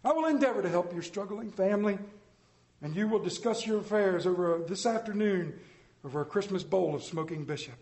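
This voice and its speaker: A man voicing a reformed old miser who swings between gleeful shouts and mock growls, read aloud in a sermon. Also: high voice, a little fast, reverberant, voice pushed up. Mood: jubilant.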